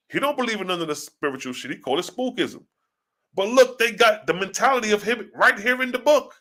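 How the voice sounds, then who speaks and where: Male scripture teacher, slightly high voice; slow verse reading broken up by rapid slangy commentary. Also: fairly bright tone. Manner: reads verses slowly, then comments in fast street slang.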